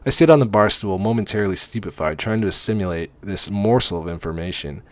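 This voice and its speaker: A man's voice: on the low side, fast talker, no echo. A man reading a first-person romance parody aloud, dropping in wry asides. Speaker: reader.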